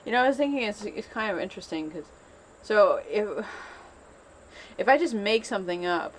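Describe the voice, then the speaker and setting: Woman filming herself, anxious, rambly, keeps repeating herself, normal mid pitch. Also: animated, normal speed, slight background noise. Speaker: vlogger. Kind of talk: unscripted self-filmed monologue. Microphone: self-filmed camera.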